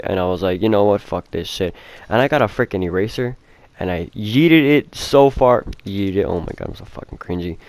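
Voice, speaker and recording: A man's voice: sits low, darkish tone. A young man telling a casual storytime, rambling with fillers and heavy swearing. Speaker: vlogger.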